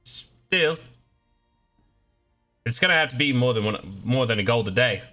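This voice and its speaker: A man's voice: mid-range voice, expressive, measured pace, pushed and bright. Man doing a giant Australian ship's cook. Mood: haggling. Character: huge gruff male ship's cook, blunt haggler. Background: faint battle music.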